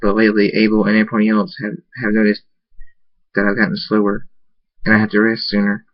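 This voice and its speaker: A man's voice: on the low side, monotone, brisk, no room sound. A man reading his own first-person fan story aloud, often stumbling and repeating words as he goes. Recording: dull lo-fi recording.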